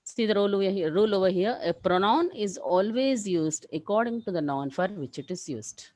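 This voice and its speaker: A woman teaching a live English grammar class, explaining rules step by step and often checking with "clear?". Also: mid-range voice, a little fast, darkish tone, no room sound, poor audio.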